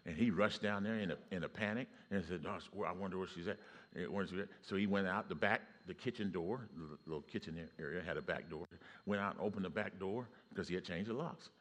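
A deep-voiced man preaching to a congregation. He tells his stories in a steady, conversational way and now and then rises to a loud call. His voice sits very low. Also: fast. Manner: storytelling, rising to loud exclamations. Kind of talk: sermon.

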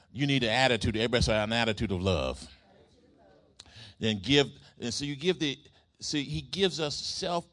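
A man preaching a sermon, using rhythmic repetition and call-and-response with the congregation. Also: mid-range voice. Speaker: pastor.

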